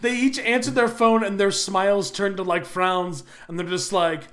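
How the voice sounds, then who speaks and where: A man with a high voice talks through a film's plot in loose, chatty podcast banter. He rambles with plenty of fillers and keeps breaking into laughter. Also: fairly even intonation, moderate pace, a bit bright. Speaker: podcast co-host. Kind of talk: casual movie recap chat.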